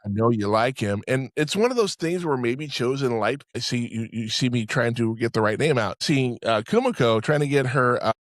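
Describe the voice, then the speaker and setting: A man's voice: medium pitch, lively intonation, normal speed, few pauses, no echo, studio quality. Blunt, profane male podcast host. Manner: blunt, profane, acts out film lines. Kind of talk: casual movie discussion.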